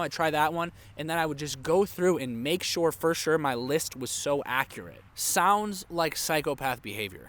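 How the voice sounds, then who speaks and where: A young man with a slightly high voice shares his own story straight to the camera. He talks candidly and with a lot of animation, leaning on "like" as he goes, in a personal vlog. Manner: candid, animated, heavy use of "like". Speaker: vlogger.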